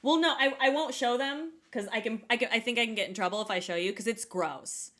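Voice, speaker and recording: Bright, animated woman telling a story. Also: a little high, fast. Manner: animated, self-mocking, acts out quotes. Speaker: co-host. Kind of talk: casual storytelling chat.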